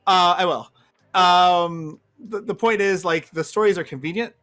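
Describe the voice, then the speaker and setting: A man's voice: high-pitched, a little slow, fairly bright tone. A man in a heated casual discussion who talks in a rambling way, full of fillers, and insists on finishing his point. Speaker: panel guest.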